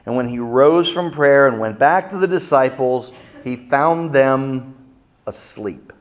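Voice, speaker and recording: A middle-aged man preaching a sermon, telling stories dramatically and acting out the quotes with big swings in loudness. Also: medium pitch, takes it slowly. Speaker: pastor.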